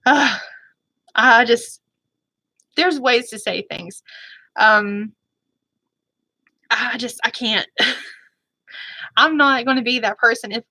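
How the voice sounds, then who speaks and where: Woman vlogger, bright higher voice, chatty and apologetic, dry close mic. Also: dry recording. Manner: chatty, rambling, often apologetic. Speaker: beauty vlogger. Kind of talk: casual chat.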